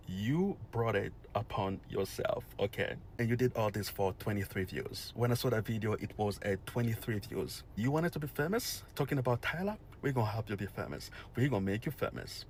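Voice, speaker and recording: A man scolds his target in reaction commentary, and his tone turns mocking. His pitch swings widely. A faint noise sits behind his voice.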